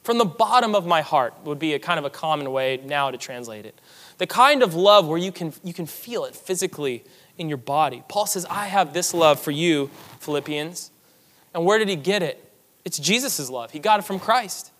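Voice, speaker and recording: A man's voice: on the high side, animated, normal speed, a bit bright, in a large hall. A man preaching a sermon as pastor, earnest and emphatic, repeating key phrases for weight.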